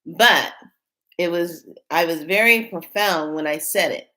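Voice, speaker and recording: A woman hosting her own spiritual channel, telling a story in a casual, rambling way with many restarts and bursts of excitement. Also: on the low side, measured pace. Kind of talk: casual spiritual vlog talk.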